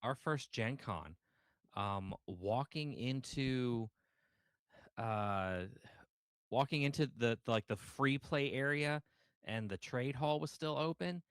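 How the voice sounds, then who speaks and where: A man co-hosting a podcast, talking in a rambling, halting way with many ums and restarts. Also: medium pitch, clean tone, no echo. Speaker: podcast co-host. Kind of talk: casual podcast chat.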